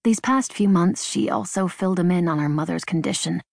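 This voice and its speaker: A woman reading an unabridged novel in measured, even scripted narration. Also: fairly low pitch, gravelly, no room sound. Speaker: audiobook narrator. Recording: dry studio booth.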